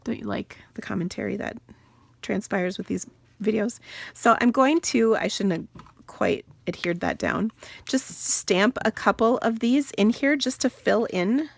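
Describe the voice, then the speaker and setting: A woman in her forties talks through a craft tutorial in a relaxed, chatty way, drifting into stories and laughing at herself. Her voice has a gravelly, fry-edged texture. It sits close and dry, with no room sound around it. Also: mid-range voice, no room sound. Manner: chatty, rambling storyteller with laughing asides. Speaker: card-making channel host.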